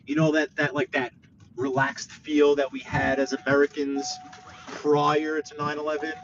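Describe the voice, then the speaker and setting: A man chatting casually on a live stream while he drives, excitable and reading viewer comments aloud. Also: fairly high pitch, normal speed. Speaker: livestreaming driver. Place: inside a car while driving. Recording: muffled lo-fi stream audio with faint road noise.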